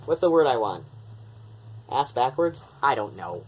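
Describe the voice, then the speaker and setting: A man's voice: medium pitch, big pitch swings, measured pace, slightly rough. A man chatting casually to camera as a vlogger, rambling with lots of fillers and restarts. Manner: coos baby talk to pets.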